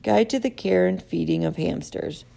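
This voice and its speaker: A woman narrating a children's story in a lively, expressive storybook reading. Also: lowish voice, moderate pace, gravelly.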